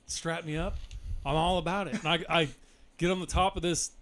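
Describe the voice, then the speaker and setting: A man's voice: fairly high pitch, fairly even intonation, a little fast, a bit bright. A man in his forties telling profane stories in casual chat, laughing as he talks.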